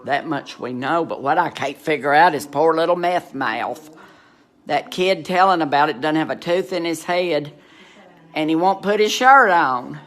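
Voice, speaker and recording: A man with a Southern US accent chatting to camera in an animated, exclaiming storytelling way. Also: a little high, normal speed. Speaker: social media personality. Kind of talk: casual monologue to phone camera.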